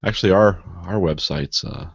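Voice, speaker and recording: A man co-hosting a podcast in casual banter, deadpan and self-mocking, laughing at his own jokes. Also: low-pitched, normal speed, creaky, husky, dry recording, highs cut off. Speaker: podcast co-host.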